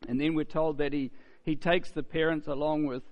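Conversational higher-voiced male preacher. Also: steady tone, normal speed, big-room sound, dull audio. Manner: conversational, asks rhetorical questions, acts out quoted voices. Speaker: pastor. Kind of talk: sermon.

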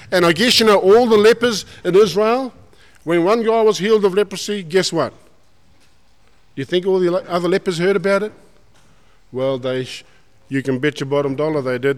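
A man preaching a sermon, folksy and animated, putting questions to the congregation. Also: sits high. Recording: long hall reverb.

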